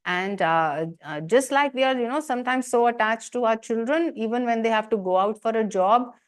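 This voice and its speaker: A woman's voice: a little high, moderate pace. A woman, teaching as a spiritual teacher in an earnest commentary talk full of rhetorical questions and emphatic repetition.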